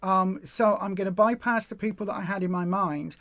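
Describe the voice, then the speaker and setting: A woman hosts a casual live stream chat in an average-pitched voice, gushing and emotional, often saying things over twice. The sound is close and dry, with no room around her. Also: a little fast, fairly bright tone, no room sound. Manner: emotional, effusive, repeats herself. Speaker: host of a weight loss support group live stream.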